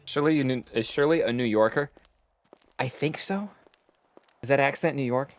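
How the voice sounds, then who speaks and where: A man's voice: medium pitch, fast talker, clean tone. A man streaming a game, casually thinking aloud and muttering to himself as he plays.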